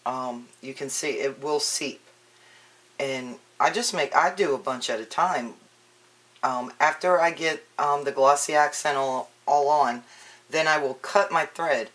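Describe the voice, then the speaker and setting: A woman's voice: extremely low pitch, a little slow, a little hiss or hum. Woman demonstrating a craft at home; easygoing, rambling delivery full of ums, recorded on a camera mic. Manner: chatty, relaxed, frequent ums and restarts. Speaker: craft tutorial maker. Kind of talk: casual crafting tutorial.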